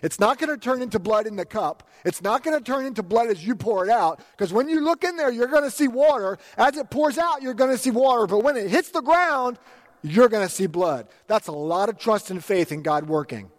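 High-pitched pastor guy preaching, super animated, acts out the quotes, long echo like a big church hall. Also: a little fast. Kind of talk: sermon.

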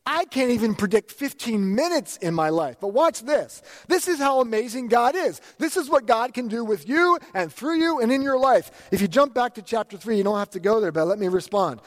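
A man preaching a sermon to a congregation, lively and animated, acting out quoted lines with big jumps in his voice. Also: extremely high pitch, fairly quick, long reverb tail. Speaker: pastor.

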